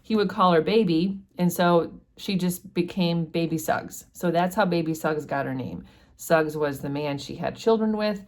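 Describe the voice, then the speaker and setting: Low-voiced woman explaining a novel chapter. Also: moderate pace, a little mellow. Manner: chatty, explanatory, many fillers. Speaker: book study host. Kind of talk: casual book discussion.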